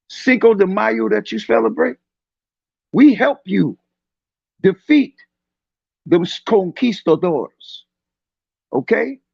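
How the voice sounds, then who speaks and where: Heated man in his fifties, gravelly, high voice, dry close sound, lo-fi stream. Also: no echo. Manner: preachy, confrontational, shouting at times. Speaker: panel speaker. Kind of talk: heated online discussion. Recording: dull lo-fi stream audio.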